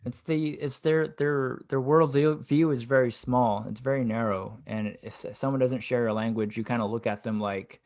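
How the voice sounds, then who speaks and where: A man's voice: medium pitch, fairly even intonation, moderate pace, hardly any pauses, darkish tone. Rambling, reflective young man. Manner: reflective, full of "like" fillers. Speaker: podcast co-host. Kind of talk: casual podcast chat.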